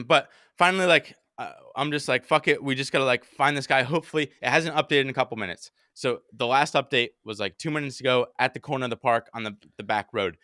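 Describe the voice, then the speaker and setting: A young man hosting a podcast, casually telling a story with lots of swearing and animated quotes. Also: mid-range voice, fast, few pauses, no echo, clean studio sound. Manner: animated, swears often, acts out his own panicked quotes.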